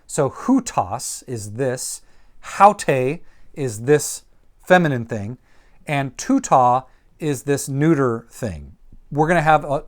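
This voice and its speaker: A man teaches vocabulary in a measured, unhurried lecture. He repeats each term carefully and pauses often with ums as he explains. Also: medium pitch. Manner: slow and deliberate, repeats each word, frequent ums. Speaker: Greek teacher.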